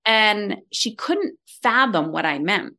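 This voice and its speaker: A middle-aged woman speaks as a coach on a podcast, acting out the voices in her stories. Her pitch sits in the middle and swings freely as she talks. She moves from close, warm advice to animated re-enactments. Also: slow. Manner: animated storytelling, acts out quoted lines. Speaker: podcast guest, leadership coach. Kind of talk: conversational interview.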